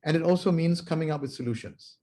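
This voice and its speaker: A man on a video call closing his presentation as a panelist, speaking in a measured, emphatic way and laying out his points one by one. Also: on the high side, mellow.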